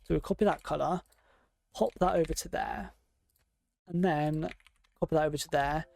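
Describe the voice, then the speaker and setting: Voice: mid-range voice, normal speed, vocal fry, darkish tone. A game streamer, chatting casually and thinking aloud while decorating a room in a game. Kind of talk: casual gameplay commentary.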